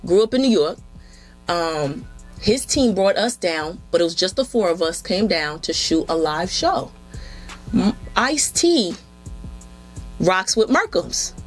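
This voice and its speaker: A woman guest in a casual interview, telling stories in an animated way and acting out quotes. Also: fairly low pitch, takes it slowly, pauses often, soft background music. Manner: animated, acts out quotes with lots of "yo". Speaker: interview guest, film director and photographer.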